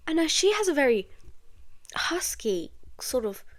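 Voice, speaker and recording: A woman's voice: high-pitched, sing-song, a little slow. A young British woman with a nasal voice and a slight American twang, chatting and rambling casually on her solo podcast. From Britain. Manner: rambling, chatty, full of fillers. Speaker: podcast host.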